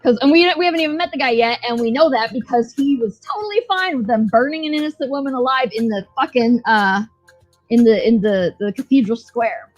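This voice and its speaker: A woman co-host talking loosely and profanely, piling on fillers and restarts as she recaps a show. Her voice sits a little high, with faint music behind her. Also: a little fast, rough recording. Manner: profane, rambling, with lots of fillers. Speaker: podcast co-host. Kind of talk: casual recap chat.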